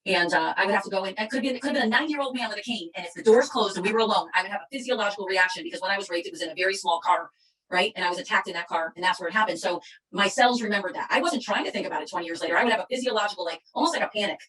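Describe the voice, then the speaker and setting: A middle-aged woman leading an MLM sales company gives a training talk that's fervent, preachy, and rapid-fire. Her mid-range voice has a fairly bright tone, and the recording is rough.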